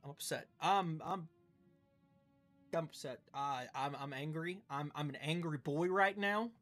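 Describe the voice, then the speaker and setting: Playful young streamer guy, slightly high voice. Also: a little slow, a bit bright, soft background music. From Southern United States. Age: 20s. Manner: playful, mock-indignant, stumbles over words for comic effect. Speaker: game streamer. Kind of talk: casual live-stream chat.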